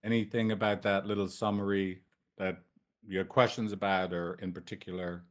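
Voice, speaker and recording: A man's voice: sits low, level tone, normal speed. A man teaching couples therapy in a loose, joking way, with swearing and asides. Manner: loose, jokey, profane, tangents. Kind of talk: casual training talk.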